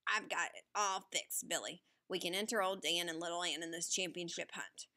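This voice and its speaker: A folksy old country grandfather, kindly and quick to get excited, drawling in a slightly lowered, softer voice, as a woman narrator reads him. His tone stays bright and forceful underneath. Storybook audiobook reading.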